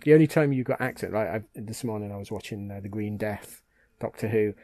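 A man's voice: on the low side, fairly quick, warm tone, no room sound. A British man co-hosting a podcast in casual chat, enthusiastic and chatty, often trailing off and restarting his sentences. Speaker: podcast co-host.

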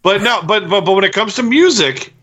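A man's voice: high-pitched, animated, fairly quick, a bit bright. A man co-hosting a casual podcast chat, talking in a profane, ranting way. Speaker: podcast co-host.

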